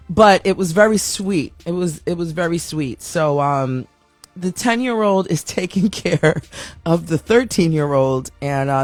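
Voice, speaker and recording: A woman's voice: lowish voice, no echo. A woman talks straight to her audience from her home studio, open and self-mocking, and she laughs easily. The sound is dry and close, with a little music playing faintly underneath. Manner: candid and self-deprecating, laughs often. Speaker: talk show host. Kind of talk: casual chatty monologue.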